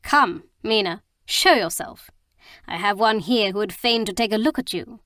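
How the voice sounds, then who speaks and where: A woman's voice: medium pitch, normal speed, a bit bright, no room sound, clean studio sound, natural voice. Woman voicing a mocking tipsy lord. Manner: teasing and boisterous. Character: jovial, mocking aristocratic man, tipsy half-brother.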